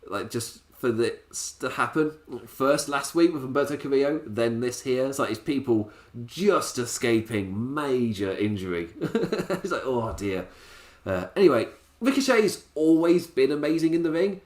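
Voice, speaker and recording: A man talks through a wrestling show in a loose, sarcastic podcast style and laughs often. His pitch rises and falls in a lively way, and he keeps a middle-range voice. The room gives his voice a noticeable echo. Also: moderate pace. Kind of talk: casual podcast review. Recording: roomy echo.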